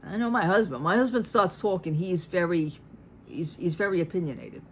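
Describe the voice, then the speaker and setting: A middle-aged vlogger with a lowish voice recounts a trip to a store in a casual storytime video, speaking at normal speed over slight background noise. She's chatty and animated, acting out the people involved and tossing in sarcastic asides.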